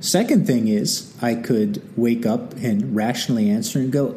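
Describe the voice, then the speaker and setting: A man's voice: mid-range voice, normal speed, hardly any pauses, a little hiss or hum. A man hosting a history talk, telling the story casually with wry asides and acted-out quotes. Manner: animated and wry, acting out quotes, many asides. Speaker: history channel host.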